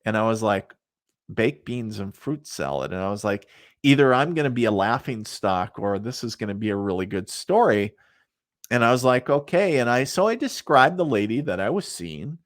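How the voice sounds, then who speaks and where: A middle-aged man talks in a fairly low voice, telling loose, rambling stories full of fillers. He is a guest on a podcast. The sound is dry and close, with no room echo. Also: lively intonation, a little fast. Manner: rambling, many fillers, laughs at his own stories. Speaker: guest, psychic medium. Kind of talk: casual storytelling in a podcast interview.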